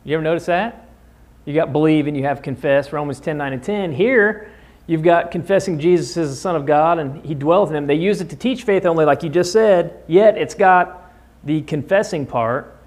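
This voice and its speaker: A man's voice: on the high side, normal speed, a little mellow. A man leading a Bible study in a church classroom, explaining passages and putting questions to the class. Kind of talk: conversational Bible study lesson. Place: church classroom in the American Midwest.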